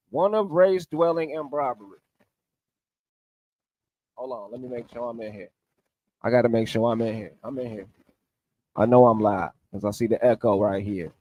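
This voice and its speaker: A man's voice: medium pitch, a little mellow, no room sound. A man recapping an online debate on a livestream, emphatic and argumentative while he walks through sources on screen.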